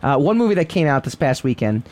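A man's voice: a little high, sing-song, quick pace, a little mellow. A man co-hosting a movie talk show, chatting casually with many fillers and restarts. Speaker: co-host.

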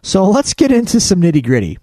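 A man co-hosting a casual podcast chat, his voice fairly high and swinging widely in pitch as he rambles and restarts. The sound is close and dry, with no room echo. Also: wildly swooping pitch, fast, dark tone. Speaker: podcast co-host.

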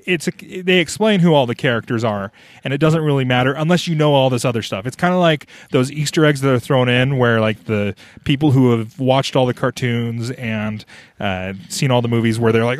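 A man's voice: medium pitch, normal speed, no room sound. Man, podcast host, casual chat, keeps restarting sentences, dry sound. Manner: chatty, restarts sentences often.

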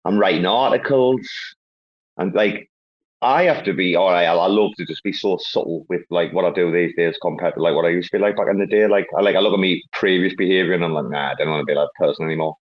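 A man hosting a casual online chat, rambling and swearing through banter. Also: low-pitched. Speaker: host. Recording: dull lo-fi online audio.

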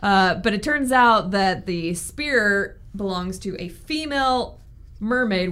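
A woman's voice: mid-range voice, animated, takes it slowly, fairly bright tone, clean tone. A woman co-hosting a casual book podcast, recapping chapters with blunt, frank opinions. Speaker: podcast co-host. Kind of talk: casual book-club chat.

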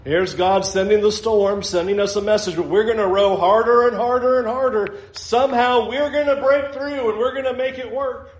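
Emphatic high-voiced male preacher. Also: fairly even intonation, normal speed, hardly any pauses, reverberant, low-quality recording. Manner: emphatic, repeats phrases for effect, asks questions. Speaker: pastor. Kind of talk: sermon.

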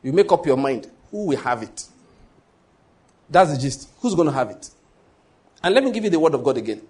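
A pastor delivers a sermon in an emphatic, storytelling manner, hammering points through repetition. He draws the congregation in with call-and-response, and his voice sits a little above the usual male pitch. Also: big pitch swings, fairly quick, a little mellow.

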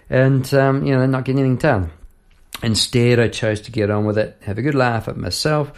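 A middle-aged Australian man, who writes songs and teaches piano, talks fairly quickly at a medium pitch. He's chatting casually and laughing at himself as he tells a story.

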